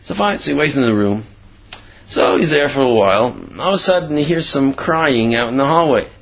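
This husky, animated man is a Torah teacher spinning a story at a brisk clip in a mid-range voice. He rambles, leans on plenty of fillers, and performs the quoted lines. The audio sounds dull and lo-fi.

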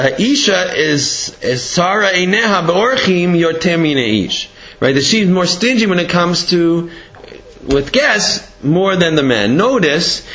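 A man teaching a religious text, lively and expressive, with a fairly high voice. He restarts sentences often and acts out the quotes. The recording is dull and lo-fi. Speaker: Torah teacher.

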